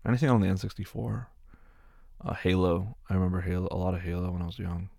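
A young man with a deep, gravelly voice answers his viewers' questions in a loose, rambling way, often repeating words and swearing casually. The sound is dry and close. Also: level tone, fast, mellow, no room sound. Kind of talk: casual Q&A chat.

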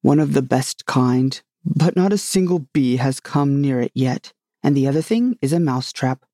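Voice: mid-range voice, animated, normal speed, mellow, dry recording, clean studio sound, natural voice. A storybook reader voicing a grave, muddled old knight who rambles proudly about his own inventions. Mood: earnest. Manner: grave, rambling, self-satisfied.

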